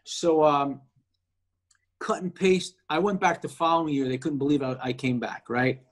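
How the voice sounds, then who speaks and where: Here the same kind of guest, a male actor, shares something that happened to him, chatting casually and performing the voices of whoever he quotes with real animation. His pitch leans high, and his speed is ordinary.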